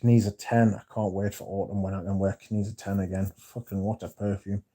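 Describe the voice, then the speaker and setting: A man's voice: sits low, little pitch movement, fairly quick, mellow. A man hosting a casual livestream, reading viewer comments aloud and swearing freely as he chats. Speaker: livestream host reading chat. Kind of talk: casual livestream chat about perfume.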